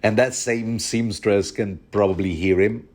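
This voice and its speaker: A man with a fairly low voice hosting a podcast of book commentary. He talks in a loose, chatty way, cracking jokes and wandering into asides. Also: steady tone, a little slow, darkish tone. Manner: jokey, chatty, full of asides. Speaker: podcast host. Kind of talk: casual chapter commentary.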